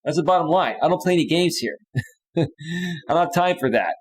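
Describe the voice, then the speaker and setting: Man, live stream host, slightly high voice, blunt, dismissive, reads chat comments aloud. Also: expressive, quick pace, poor audio. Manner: blunt and dismissive, with frequent restarts.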